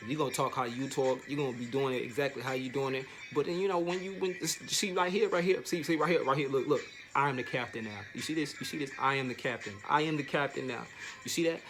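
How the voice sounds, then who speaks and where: A man vlogging a casual motivational monologue, slangy and repetitive, sometimes jumping up into a higher, animated voice. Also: fast talker, few pauses, music in the background.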